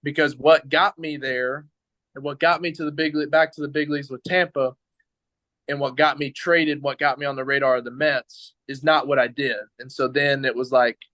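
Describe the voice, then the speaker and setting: A young adult man, a pro baseball pitcher, tells his story in a casual interview, rambling and quoting his own thoughts with lots of "like". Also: fairly even intonation, normal speed, sharp tone, no echo, rough recording. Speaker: professional baseball pitcher, guest.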